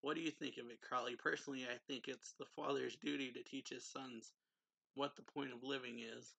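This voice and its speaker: Man reading as a sing-song cruel vampire noble, bright and gravelly. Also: mid-range voice, fairly even intonation, a little fast, rough recording. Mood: mocking.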